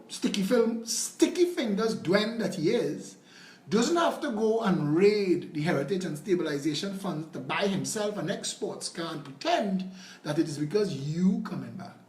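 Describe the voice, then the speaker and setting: A man's voice: high voice, reverberant. Combative Trinidadian man hosting a talk show. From Trinidad and Tobago. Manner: combative, sarcastic, emphatic. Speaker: political talk show host. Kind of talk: political call-in commentary.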